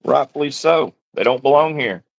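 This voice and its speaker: A man's voice: medium pitch, normal speed, creaky, dry recording. A man co-hosting a casual livestream chat, talking in a laid-back, wry drawl. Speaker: livestream co-host.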